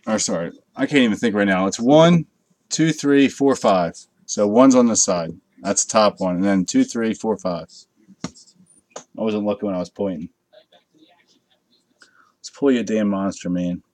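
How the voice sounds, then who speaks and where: A man's voice: fairly low pitch, moderate pace, darkish tone, dry recording. A man hosting a live card break, chatting casually with viewers and swearing freely as he opens packs late at night. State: tired from a long night.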